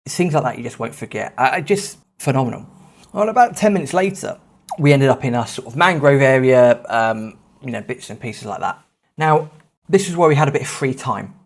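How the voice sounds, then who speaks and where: A man, hosting a podcast and telling a travel story in a lively, self-mocking, casual way. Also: mid-range voice, brisk. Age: 30s. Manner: animated, self-mocking anecdote telling with swearing. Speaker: podcast host.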